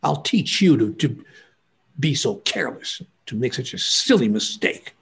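A man playing a grandfather, speaking in his own husky, gravelly voice. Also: mid-range voice, expressive, measured pace, a bit bright, full character voice. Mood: scolding. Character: stern then tender grandfather.

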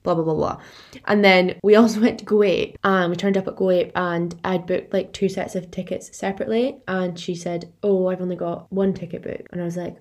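Lower-voiced young woman storyteller. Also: level tone, fast talker, a little mellow. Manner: reflective, anecdotal storytelling. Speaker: podcast co-host. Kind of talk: casual chat.

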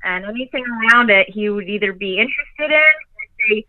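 A woman telling stories as a guest on a video call, animated and profane, laughing often. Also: fairly high pitch, normal speed, dry recording, phone-quality sound. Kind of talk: casual storytelling chat.

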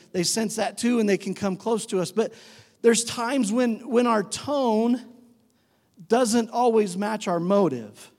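A man preaching a conversational sermon as pastor, warming up with easygoing stories. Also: high voice. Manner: conversational, animated when imitating talk to his dog. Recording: long hall reverb.

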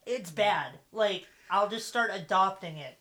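A woman's voice: medium pitch, unhurried, fairly bright tone. A woman with a mid-range voice chatting eagerly about wrestling on a podcast. She leans on fillers and laughs often, recorded in a small office. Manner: enthusiastic, filler-heavy, frequent laughter. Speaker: podcast co-host. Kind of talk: casual wrestling chat.

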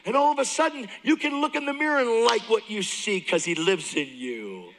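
Middle-aged guy preaching his testimony, raspy gravelly voice pitched high, goes quiet then gets real fired up. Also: normal speed, poor audio. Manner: swings from hushed intensity to excited near-shouting. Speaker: guest preacher. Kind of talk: testimony sermon.

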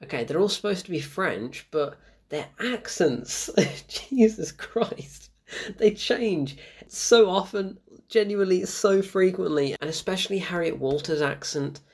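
A young man giving a chatty film review, bemused and exasperated, often laughing at what he describes. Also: mid-range voice. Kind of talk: casual spoken film review.

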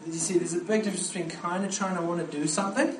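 A young man preaching a camp sermon to young people, animated and storytelling, with frequent restarts. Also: sits high, rapid-fire, noisy background. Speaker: youth pastor preaching at a camp. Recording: echoey hall with faint ambience.

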